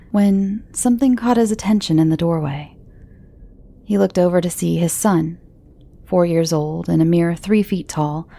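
A woman tells a horror story in a calm, measured voice. Her voice sits low and has a gravelly edge. She sounds steady throughout. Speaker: narrator. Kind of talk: scripted horror narration.

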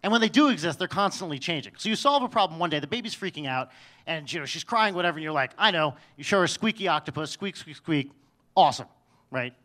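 A man's voice: on the high side, expressive, fast talker, bright, forceful tone. A man telling a personal story on stage in a wry, self-mocking way, often restarting his sentences.

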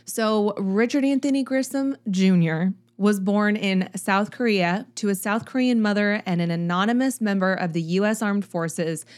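A chatty woman hosts a casual true-crime podcast. Her voice is mid-pitched. She talks in an animated, self-deprecating way. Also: moderate pace, hardly any pauses. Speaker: podcast host.

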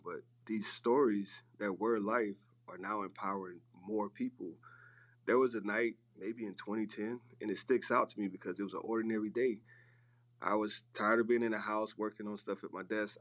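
A man in a casual online group chat, telling a personal story in an animated way over a phone app. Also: lowish voice. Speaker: room participant.

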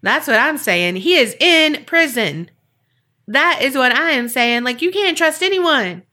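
A woman's voice: high voice, expressive, a little slow, pushed and bright. A woman podcast host telling a story in a chatty, casual way with wry asides.

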